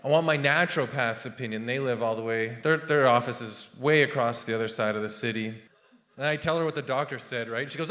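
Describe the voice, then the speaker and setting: A man's voice: medium pitch, fast, fairly bright tone. A man in his thirties performing a rambling stand-up comedy set, with asides to the crowd. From Canada. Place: theatre stage. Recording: long hall reverb of a theatre.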